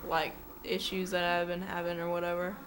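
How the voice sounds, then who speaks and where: A young woman vlogger at home rants and rambles casually to a webcam as if talking to a friend, using lots of fillers, swearing and dramatic asides. Her lowish voice is completely flat and moderately paced, and the recording is rough.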